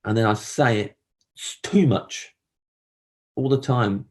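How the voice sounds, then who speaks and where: A man performing a rambling, self-deprecating stand-up monologue, often jumping up high to act out other people. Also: unhurried, pauses often, darkish tone. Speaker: comedian.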